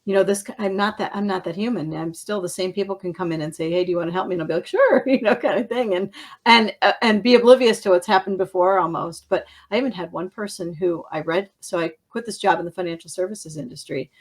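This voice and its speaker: A middle-aged woman hosting an interview, telling stories in a casual, animated way, laughing often and acting out what others said. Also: on the low side, fast talker. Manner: animated storyteller, laughs often, acts out quotes. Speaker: podcast host.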